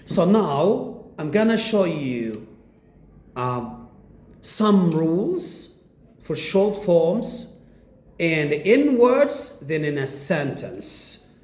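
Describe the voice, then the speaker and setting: Arabic-accented guy teaching english pronunciation, kinda high voice, super slow, says each word over and over. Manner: slow, drills words by repeating them. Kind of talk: beginner pronunciation lesson.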